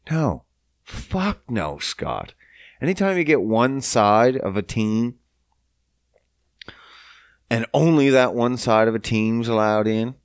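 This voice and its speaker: A man hosting a podcast in casual chat, ranting with heavy swearing and sarcasm and swinging between mock-innocent highs and low grumbles. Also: clean tone, no echo, clean studio sound. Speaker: podcast host.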